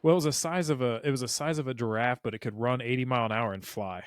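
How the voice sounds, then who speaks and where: A man's voice: medium pitch, quick pace, clean tone, no room sound, clean studio sound. A man co-hosting a podcast, chatting in a laid-back, casual way. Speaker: podcast co-host. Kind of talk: casual chat.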